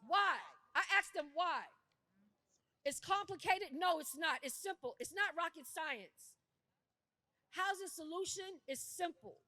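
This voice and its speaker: Woman activist at a rally, real high bright voice, angry and loud at times, dry sound. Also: a little slow, no room sound. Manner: indignant, forceful, rising to shouts; casual speech with "y'all" and "I'ma". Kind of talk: impassioned rally speech.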